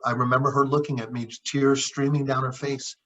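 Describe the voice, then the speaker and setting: Husky middle-aged man telling a story. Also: mid-range voice, fairly quick. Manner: lively storyteller acting out dialogue, frequent repeats. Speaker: guest chiropractor. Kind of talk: conversational storytelling. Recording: dull lo-fi audio.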